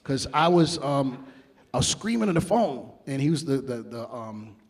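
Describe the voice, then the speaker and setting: A man's voice: mid-range voice, big pitch swings, moderate pace. New guy in his 50s, mid voice, cussing a lot, telling stories loose and blunt. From New York. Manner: blunt and heavily profane, acts out quotes. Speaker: interview guest, music producer. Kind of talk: casual interview storytelling.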